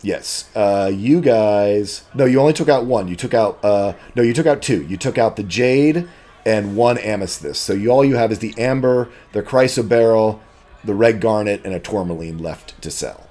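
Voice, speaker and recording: A man's voice: fairly low pitch, normal speed, mellow. A man narrating as game master of a tabletop game, describing scenes in a rambling, hesitant way full of fillers.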